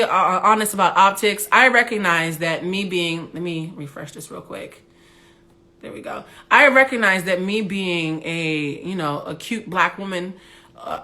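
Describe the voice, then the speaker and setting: A young adult woman with a big, loud voice, hosting a candid livestream monologue on her phone, blunt and animated, with some profanity. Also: on the low side. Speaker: Instagram Live host.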